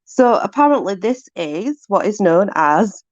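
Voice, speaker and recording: A woman's voice: medium pitch, sing-song, measured pace, darkish tone, no room sound, lo-fi sound. A woman casually reading aloud from a book to her viewers, amused and puzzled, laughing often. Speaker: vlogger.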